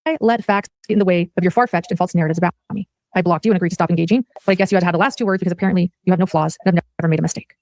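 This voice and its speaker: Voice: mid-range voice, steady tone, a little mellow, no room sound, clean studio sound. A speaker in a played video clip who reads a prepared statement in a defensive tone. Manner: rapid, defensive, reading from a script.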